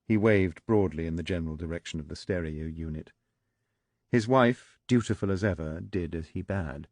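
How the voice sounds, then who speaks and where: A man narrating a political thriller audiobook in a measured, even storytelling manner. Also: low-pitched, no room sound. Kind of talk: scripted narration.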